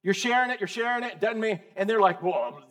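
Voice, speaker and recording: Guy preaching, pretty high voice, jokey and chatty, keeps asking folks questions. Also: fast talker, a bit bright. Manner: joking, quizzes and calls on listeners by name. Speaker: pastor. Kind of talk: casual conversational sermon. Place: church service with congregation.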